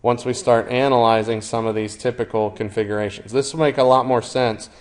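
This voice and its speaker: A man's voice: mid-range voice, steady tone, a little fast. A man lecturing on electronics, explaining steadily with occasional fillers. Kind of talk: recorded engineering lecture.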